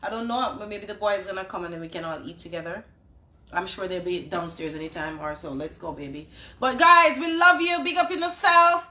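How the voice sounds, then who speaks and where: A woman's voice: medium pitch, fairly quick, pushed and bright, echoey room. A woman hosting a casual live stream, laughing and teasing as she chats with viewers.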